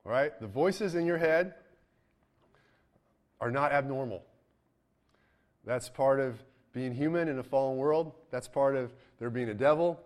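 A man preaching a sermon in a casual, energetic way, with sudden loud bursts when he acts out a story. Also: medium pitch, a little slow, long pauses. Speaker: pastor.

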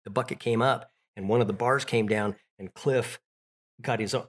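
A man's voice: medium pitch, steady tone, moderate pace. A middle-aged man telling childhood stories in an interview, rambling with restarts and fillers. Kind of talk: casual storytelling.

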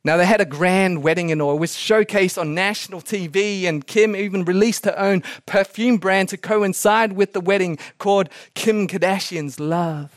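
A male pastor preaching a sermon for a podcast, weaving animated stories and laughing asides into his message. His voice sits high for a man. The sound is dry and close, with no room echo. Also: normal speed, hardly any pauses. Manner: animated storytelling, chuckling asides. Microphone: podcast recording.

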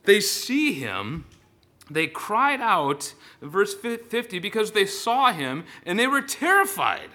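A male pastor preaching a sermon, telling the story with lively energy and frequent "uh" fillers and restarts. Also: high voice, slow.

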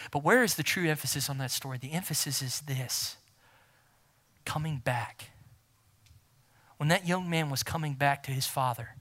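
A man preaching a sermon as pastor, emphatic and repeating key phrases, swinging from loud to near-whisper. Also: medium pitch.

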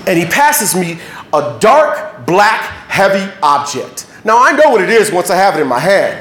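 A man's voice: high voice, sing-song, moderate pace, a bit bright. A man telling a personal story on stage, emphatic and heavily profane, in an echoey hall. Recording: echoey hall, faint noise.

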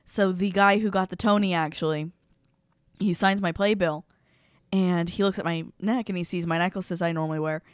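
A woman's voice: on the low side, steady tone, normal speed, clear, resonant tone, no echo. Female co-host, casual storyteller, dry close-miked sound. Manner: chatty, laughs while telling stories. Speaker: podcast co-host. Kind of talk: casual chat.

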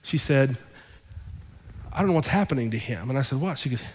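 A pastor's husky, mid-range voice moves a little fast, trailing a long reverb in the church sanctuary. Telling a story during his sermon, he animatedly voices the quoted dialogue.

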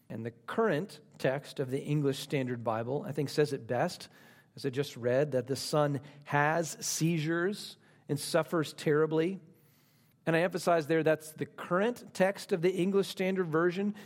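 Emphatic man preaching a sermon. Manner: emphatic, repeats phrases for stress; speaks slowly on key lines and rises in pitch for emphasis. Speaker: pastor.

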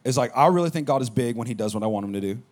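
A man giving a sermon, telling a personal story in a casual, animated way that drops low at the quiet moments. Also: very fast. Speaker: pastor.

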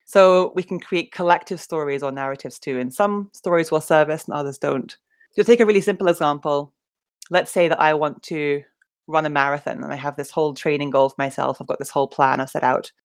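A woman leadership coach answering interview questions thoughtfully, explaining her ideas through simple examples. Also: sits low. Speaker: leadership coach, podcast guest.

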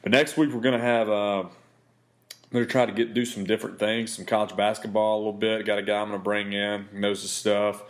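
A man with a raspy, worn-out voice runs a casual sports betting podcast. His voice sits a little low, and he talks in a loose, joking way. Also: flat delivery, brisk. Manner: loose, joking sign-off chatter. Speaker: podcast host.

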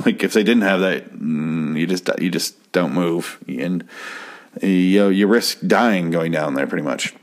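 A man's voice: low voice, measured pace. A man recapping a TV episode in a rambling, sarcastic way, swearing freely. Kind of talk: casual profane recap.

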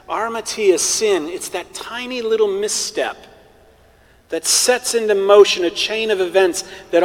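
A male priest delivering a sermon in a conversational, animated way with wry humorous asides. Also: high voice, long reverb tail.

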